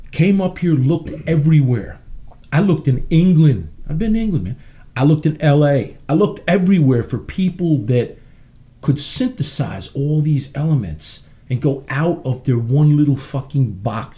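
Rich: A brash man in a casual interview, rambling and cursing freely. His voice is mellow and dark in tone, but it swings widely up and down as he talks. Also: a little high, lively intonation, moderate pace. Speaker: interview guest, musician.

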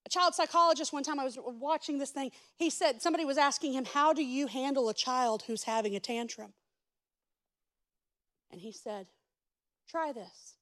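A woman pastor preaching a sermon, swinging between loud urgent passages and soft hushed speech, with direct asides to the congregation. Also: sits high, normal speed.

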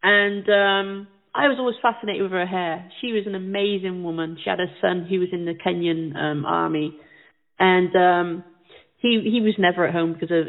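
A man in casual chat on a talk show, reminiscing earnestly. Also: high voice. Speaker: co-host. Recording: tinny phone-like line.

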